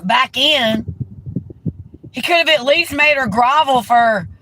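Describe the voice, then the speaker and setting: A woman's voice: sits high, slow, bright, forceful tone, slight background noise, rough recording. A woman ranting heatedly and profanely during a live stream, talking into a handheld phone from inside a car.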